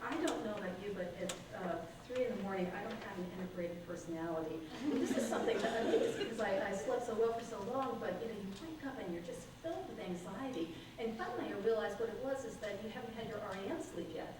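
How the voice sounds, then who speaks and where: A woman's voice: medium pitch, animated, fast talker. A middle-aged woman poet giving a reading, chatting in a rambling, self-deprecating way between her poems. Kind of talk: poetry reading with chatty asides. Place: conference hall reading. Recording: echoey hall, distant mic, background noise.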